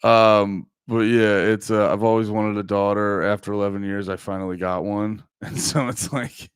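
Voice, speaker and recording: Self-mocking and profane, a livestream host in his thirties rambles along casually and laughs frequently. He speaks at a moderate pace with a low-leaning, clean voice and flat delivery, recorded dry at studio quality.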